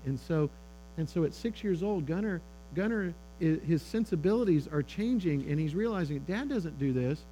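Animated middle-aged male speaker. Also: fairly high pitch, poor audio. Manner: conversational, animated storytelling with quoted dialogue. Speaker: speaker on fatherhood. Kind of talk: sermon-style talk to parents. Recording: faint electrical hum.

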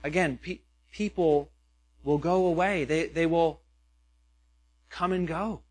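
A man's voice: on the high side, takes it slowly, a little mellow. A pastor preaching a sermon, earnest and questioning, with many rhetorical questions to his listeners.

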